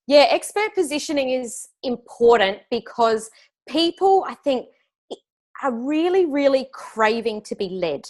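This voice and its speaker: A middle-aged woman speaking as a business coach guest, her voice sitting a little high. She explains things in an emphatic, upbeat way and laughs easily, heard through a video call. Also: very animated, measured pace, a little mellow. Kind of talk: casual interview answers.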